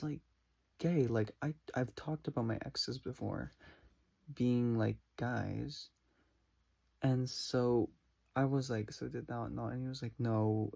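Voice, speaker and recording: A man's voice: medium pitch, creaky, darkish tone, slightly rough. A man telling a personal story as a casual vlog storytime, rambling with lots of "like" and retelling it dramatically. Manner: rambling, many "like" fillers. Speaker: vlogger.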